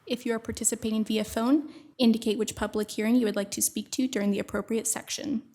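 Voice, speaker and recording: A woman's voice: on the high side, fast talker. A woman clerk reading meeting procedures and a roll call in a formal, scripted way. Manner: formal, scripted, even delivery.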